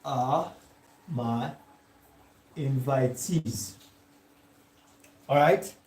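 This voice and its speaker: A male tutor with a Nigerian English accent giving a classroom lecture. He dictates slowly, repeats examples word by word and keeps asking "all right?". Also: mid-range voice, a little mellow, a little hiss or hum. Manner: slow and dictating, checks in with "all right?" after nearly every phrase; repeats example sentences word by word for note-taking. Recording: echoey room.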